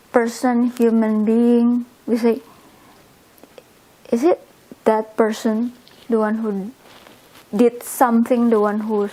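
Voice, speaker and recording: A woman from Indonesia, teaching a language lesson patiently and repeating example words slowly. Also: a little high, dark tone, rough recording. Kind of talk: slow explanatory language lesson.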